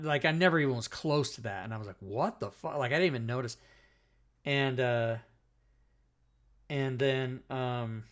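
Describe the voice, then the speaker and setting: A man's voice: medium pitch, a bit bright. A middle-aged man telling a long personal story in casual chat as a talk show host. He rambles, swears a lot and keeps cutting himself off. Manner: rambling, profane, self-interrupting.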